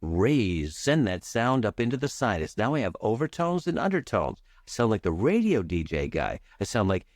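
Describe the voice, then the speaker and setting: A man, a charisma coach and podcast guest, talking with playful energy and varying his speed and pitch for emphasis. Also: sing-song, normal speed, few pauses, a little mellow, no room sound, studio quality. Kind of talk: animated podcast coaching talk.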